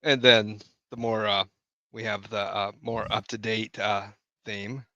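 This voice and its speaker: A middle-aged man co-hosts a casual reaction show, laughing often and pausing on fillers. He speaks slowly at a middle pitch. His audio sounds dull and lo-fi, and it is dry and close. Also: little pitch movement, pushed and bright, no echo. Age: 40s to 50s. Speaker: podcast co-host.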